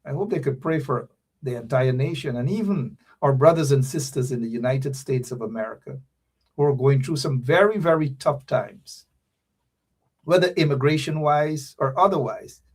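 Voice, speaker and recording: A man's voice: mid-range voice, moderate pace, husky. A man hosting a live stream, talking straight to viewers in a preachy, repetitive way as he signs off. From Guyana. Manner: preachy, repeats phrases, addresses viewers directly. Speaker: show host. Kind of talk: casual live-stream sign-off.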